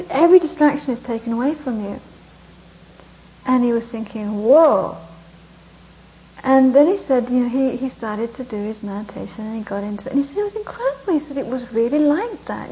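Mellow-voiced woman giving a dharma talk. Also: fairly high pitch, lo-fi sound. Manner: conversational, laughs often, asks rhetorical questions. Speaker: Buddhist meditation teacher.

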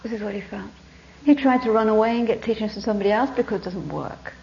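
Woman teacher telling a buddhist story, chatty, lots of restarts, mellow kinda high voice, muffled lo-fi recording. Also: fast, gravelly, slight background noise. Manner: conversational, restarts, trails off softly. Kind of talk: dharma talk, storytelling. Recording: dull lo-fi recording.

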